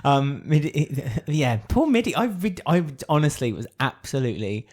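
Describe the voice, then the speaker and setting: A man's voice: a little high, sing-song, moderate pace, darkish tone. A man co-hosting a podcast, chatting animatedly, laughing often and acting out quotes. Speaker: podcast co-host. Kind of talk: casual chat.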